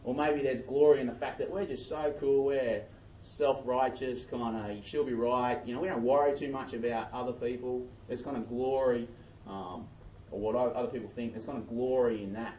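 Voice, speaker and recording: This Australian pastor has a mid-range, mellow voice with a steady tone and normal speed. Preaching conversationally, he reads from the Bible and interrupts himself with chatty asides, heard through echoey, distant, dull church audio with slight background noise.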